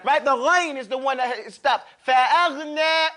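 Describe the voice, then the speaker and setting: Leading a live Quran recitation class, a man teaches tajweed in a very high voice that sounds bright and forceful. He repeats short phrases for students to drill, models each word very slowly, and drops in casual jokes.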